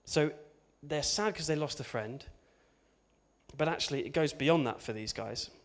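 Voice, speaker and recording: A man's voice: on the high side, moderate pace. A man preaching an informal sermon, conversational and chatty, with asides and tag questions.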